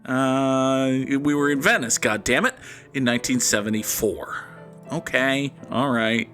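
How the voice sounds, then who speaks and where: The host of a gaming channel rambles through a guessing game, sarcastic and quick to mock himself, in casual gameplay commentary. His mid-range voice is unhurried and fairly bright. Faint music can be heard in the background.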